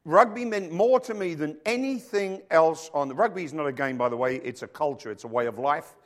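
A middle-aged male pastor preaching a sermon, reading scripture and telling jokey stories with loud acted quotes. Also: fairly high pitch, fairly quick. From rugby-playing country, emigrated to Africa.

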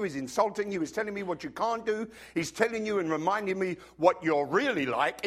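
A man preaching from the pulpit, his pitch sitting a little high and leaping all over the place as he tells his stories. He swings between loud bursts and hushed asides, and he is nursing a cough. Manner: animated storytelling, sudden swings from loud to hushed. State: has a cough. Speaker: pastor. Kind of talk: sermon.

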